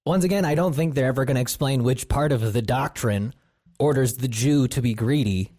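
A man's voice: mid-range voice, brisk, dark tone. A man co-hosting a podcast, commenting on a video with crude, sarcastic jokes. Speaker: podcast co-host. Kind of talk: profane casual commentary.

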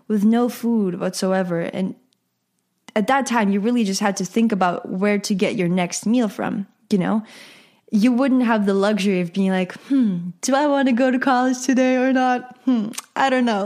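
A woman's voice: mid-range voice, darkish tone. Chatty teenage girl podcasting solo. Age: teens. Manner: chatty and rambling, with asides and self-corrections. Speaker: podcast host. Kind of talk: casual solo podcast chat.

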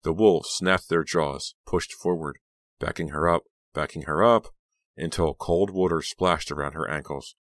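A man narrating a horror audiobook in a steady, measured reading. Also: very deep voice, dry recording. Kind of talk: scripted narration.

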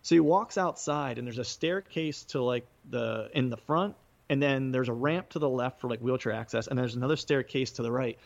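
Musician guest, male, gravelly voice, loose rambling storyteller, dull lo-fi recording. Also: medium pitch, brisk. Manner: rambling, peppered with fillers, laughing often. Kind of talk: casual storytelling.

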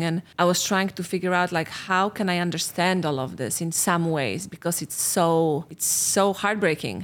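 A middle-aged woman, a relationship coach and guest, speaking earnestly and reflectively in long flowing thoughts. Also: lowish voice. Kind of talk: reflective personal conversation.

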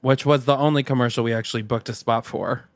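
A man's voice: medium pitch, fairly even intonation, fast talker, no room sound, clean studio sound. A man co-hosting a podcast, improvising a comedic movie scene and acting out bits of dialogue. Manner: narrates a made-up movie scene, acting out lines. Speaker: podcast co-host.

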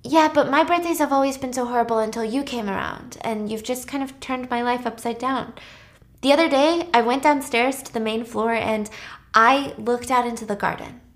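A shy, fearful young recluse, as a woman puts her on. She speaks softly and hesitantly in a slightly high voice, always apologizing. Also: moderate pace, natural voice.

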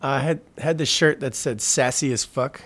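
A man's voice: mid-range voice, moderate pace, fairly bright tone. A man in the guest chair, an electronic musician who meanders through his answers. His talk is full of fillers and restarts, with a self-deprecating streak of humor running through it. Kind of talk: casual interview chat.

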